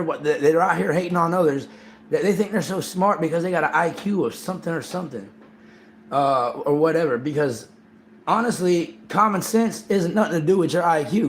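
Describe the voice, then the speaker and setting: A man hosting a livestream in casual chat, excitable and profane, repeating himself and talking over others. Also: a little high, slight background noise. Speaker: livestream host.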